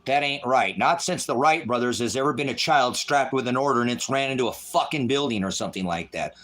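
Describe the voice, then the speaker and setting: A middle-aged man preaching in an angry, profane livestream style, voice swinging loud. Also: mid-range voice, lively intonation, fairly quick. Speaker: street preacher.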